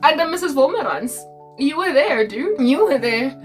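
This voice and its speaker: Lively high-voiced South African woman. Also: normal speed, recorded from a distance, soft background music. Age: 40s. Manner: animated, laughing often, slangy. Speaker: Christian content creator. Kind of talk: casual storytelling monologue.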